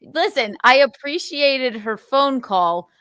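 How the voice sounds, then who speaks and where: A woman's voice: sits high, animated, slow, pushed and bright, clean tone, dry recording, clean studio sound. A woman co-hosting a call-in podcast, chatting casually and playfully, with frequent giggles. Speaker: podcast co-host. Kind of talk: casual chat.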